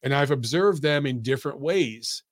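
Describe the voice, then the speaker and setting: A man's voice: medium pitch, lively intonation, normal speed, no room sound, studio quality. Blunt, lecturing man in his forties. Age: 40s. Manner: blunt, lecturing, addresses listeners as guys. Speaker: podcast host. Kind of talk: opinionated boxing commentary monologue.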